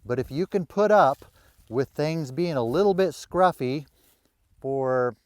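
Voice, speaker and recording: A man's voice: on the high side, lively intonation, a little slow, a little mellow, dry recording. A middle-aged man, a rural landowner, narrating casually with wry, self-deprecating humor. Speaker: rural landowner and video creator.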